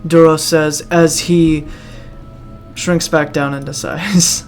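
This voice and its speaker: A game master casually narrating a tabletop role-play, pausing and restarting as they go. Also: mid-range voice, level tone, faint music behind. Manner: casual, with halting fillers and restarts.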